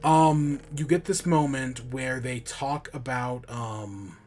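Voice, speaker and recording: A man's voice: medium pitch, takes it slowly, darkish tone, faint music behind. A man hosting a podcast in casual chat, rambling with restarts and casual swearing. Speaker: podcast host.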